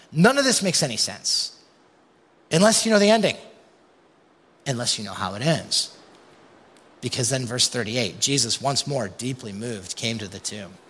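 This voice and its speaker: A man's voice: sits high, fairly bright tone, slightly rough. A man preaching an impassioned sermon as pastor, often calling his listeners "you guys". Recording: long hall reverb.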